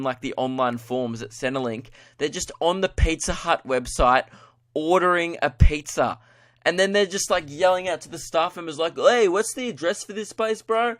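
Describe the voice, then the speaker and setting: Laughing Australian man ranting, slightly high. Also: fairly bright tone. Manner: laughing, swearing storyteller, acts out quotes. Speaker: podcast host and comedian. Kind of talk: casual comedic rant. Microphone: podcast mic.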